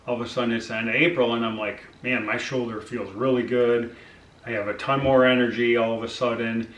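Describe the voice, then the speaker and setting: A middle-aged man shares his story in a relaxed, conversational way, slipping into quoted dialogue with frequent fillers. He sits some distance from the mic, and the room adds a noticeable echo. A faint hum of background noise runs underneath. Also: mid-range voice. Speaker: vlogger sharing his diet journey. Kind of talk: casual personal storytelling.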